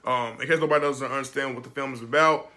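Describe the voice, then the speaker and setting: Young male reviewer, bright tone, loose chatty delivery with frequent laughs. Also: medium pitch, steady tone, fast talker. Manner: rambling and emotional, laughs often. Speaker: film reviewer. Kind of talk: casual video review.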